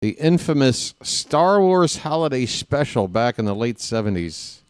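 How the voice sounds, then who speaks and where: Laid-back male play-by-play caller, slow and jokey, dry close sound. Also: very animated, clean tone, no echo. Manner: jokey, rambling asides between pitches. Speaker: play-by-play announcer. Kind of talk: casual live baseball play-by-play.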